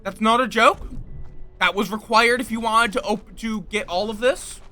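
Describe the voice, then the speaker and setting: A man's voice: high-pitched, moderate pace, sharp tone, soft background music. A man casually streaming a game, rambling playfully, joking at his own expense and chatting with viewers. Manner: rambling, playful, self-deprecating, chats with viewers. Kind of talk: casual livestream chat over gameplay.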